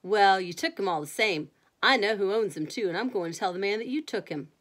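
A woman voicing a rough schoolboy bully in a bedtime storybook reading, speaking loudly and mockingly. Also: medium pitch, animated, fairly quick. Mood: taunting. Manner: taunting, loud.

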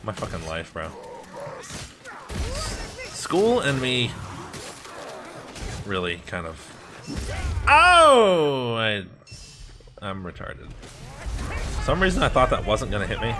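A man's voice: on the low side, very animated, slow, long pauses. A man from the United States telling a rambling, heavily profane story while he plays a game. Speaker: gaming channel host. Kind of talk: casual storytelling over gameplay.

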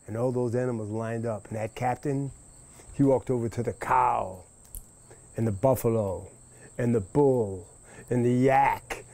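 A man's voice: mid-range voice, mellow, no room sound. A man telling a folktale aloud to an audience, rhythmic and repetitive, with sound effects. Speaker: storyteller.

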